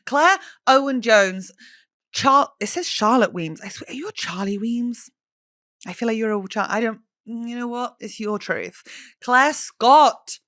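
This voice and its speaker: A woman's voice: a little high, expressive, measured pace, a bit bright. A woman hosting a podcast in casual chat, swearing freely and laughing at herself. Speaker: podcast host.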